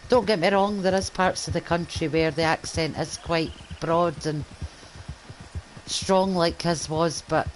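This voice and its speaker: A woman's voice: on the low side, fairly even intonation, measured pace, a little hiss or hum, low-quality recording. Chatty older Scottish woman gamer. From Scotland. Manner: chatty, wry, playful. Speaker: gaming YouTuber. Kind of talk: casual gameplay commentary.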